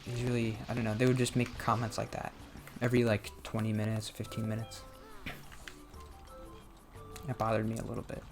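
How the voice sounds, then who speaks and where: A young man talking casually and self-reflectively while playing a video game, rambling with soft laughs. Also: lowish voice, completely flat delivery, a little fast, long pauses. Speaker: gaming vlogger. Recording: music playing underneath.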